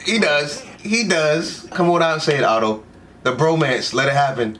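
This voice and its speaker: A young man hosting an anime reaction, talking back at the screen in loose, slangy, excitable commentary. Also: on the high side, normal speed, a little hiss or hum.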